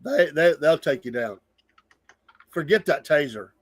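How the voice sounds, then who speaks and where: A man's voice: on the high side, a little slow, no room sound. Joshing male co-host, dry close sound. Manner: relaxed, joshing, repeats words. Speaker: morning show co-host. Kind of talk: casual joking chat.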